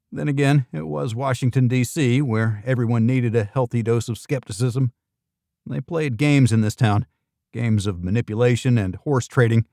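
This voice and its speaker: A man narrating a thriller audiobook in the first person, in a steady, wry manner. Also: mid-range voice, creaky, dry recording, clean studio sound.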